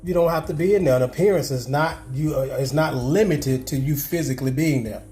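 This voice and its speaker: A man's voice: fairly high pitch, a little fast, warm tone, soft background music. A man hosting a recorded call, talking in a casual, emphatic, slangy way. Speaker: channel host.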